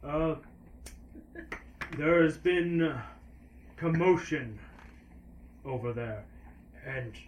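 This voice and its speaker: A man runs a tabletop game as its game master, narrating and voicing townsfolk in a slightly raised voice. He talks in halting bursts, padded with little fillers. His voice rings out in an echoey room over a faint hiss. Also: fairly high pitch.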